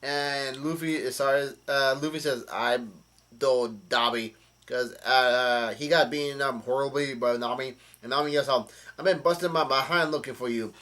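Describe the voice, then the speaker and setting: A man casually recapping a comic chapter, reading quoted lines aloud in a halting, hesitant way. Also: medium pitch, sharp tone. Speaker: manga chapter reviewer.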